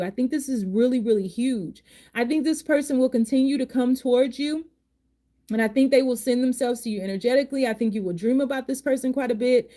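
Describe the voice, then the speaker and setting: Woman doing a live tarot reading, kinda high voice, gets emotional and emphatic. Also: mellow. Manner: emotional, emphatic, chatty with viewers. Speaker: tarot reader and life coach.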